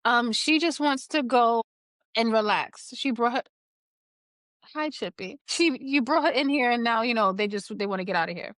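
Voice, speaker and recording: A woman guest on a podcast, candidly telling a personal story in an animated way and laughing now and then. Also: a little high, moderate pace, no room sound, studio quality.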